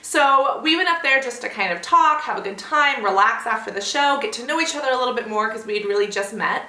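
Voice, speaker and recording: Bright, animated young woman storytelling. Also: brisk, reverberant, slight background noise, low-quality recording. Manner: animated, acts out quotes with pitch jumps. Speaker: vlogger. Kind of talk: storytime vlog.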